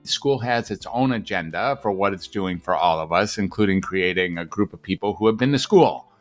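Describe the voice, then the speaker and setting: Low-voiced man, emphatic podcast guest. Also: animated, moderate pace, faint music behind. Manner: emphatic, rhetorical, repeats phrases for effect. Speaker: psychiatrist guest. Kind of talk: conversational podcast interview.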